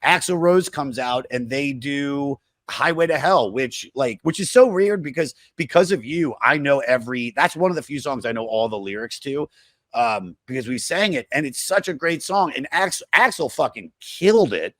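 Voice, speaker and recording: A man's voice: mid-range voice, lively intonation, normal speed, a bit bright, no room sound. A man hosting a podcast in loose, profane casual chat, laughing often. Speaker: podcast host.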